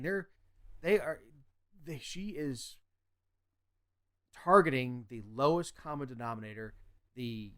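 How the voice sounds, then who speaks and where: A man co-hosts a casual political podcast from Georgia. He is blunt and opinionated. His voice is smooth and clean, pitched in the middle. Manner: blunt, opinionated, drops into mocking impressions. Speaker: podcast co-host.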